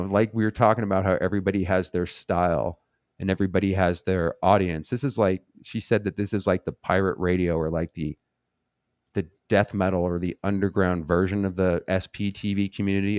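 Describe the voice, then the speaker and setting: Low-voiced blunt man hosting a live chat. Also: brisk, darkish tone, clear, resonant tone, no room sound, studio quality. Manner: blunt, rambling and profane. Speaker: host answering viewer questions on a live stream.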